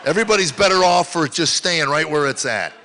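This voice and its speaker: Bright-toned older man doing stand-up. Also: animated, fast talker, slight background noise. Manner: storytelling, rambling, swings from low mutters to loud exclamations. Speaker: stand-up comedian. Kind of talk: stand-up comedy set. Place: live comedy venue.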